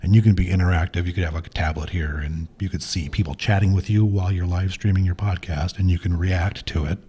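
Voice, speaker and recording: A man's voice: sits low, fairly even intonation, fast, warm tone, slight background noise. A man talking as a podcast guest in casual chat, explaining things at length in a matter-of-fact way.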